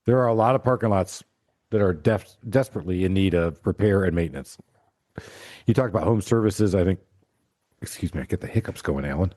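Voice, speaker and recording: Low, mellow-voiced joking podcast host. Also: male voice, fast talker, no room sound, clean studio sound. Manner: joking, playful. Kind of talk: podcast interview.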